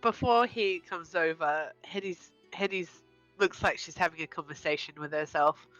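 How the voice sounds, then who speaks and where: A woman's voice: on the low side, normal speed, fairly bright tone, no echo, muffled recording, faint music behind. A woman player describing what her character does in a tabletop game, in a playful, descriptive way.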